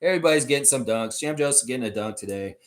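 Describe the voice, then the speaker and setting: A Canadian man in his forties hosts a fan channel livestream, reading out viewer comments in casual chat and swearing freely. He's animated and talks fast, swinging between loud hype and low murmurs.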